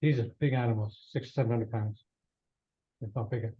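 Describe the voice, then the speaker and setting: A man's voice: mid-range voice, fairly even intonation, brisk, breathy edge. A man giving a casual slide talk to a club, rambling with many restarts and losing his voice a little. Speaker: guest speaker. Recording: dull lo-fi room recording.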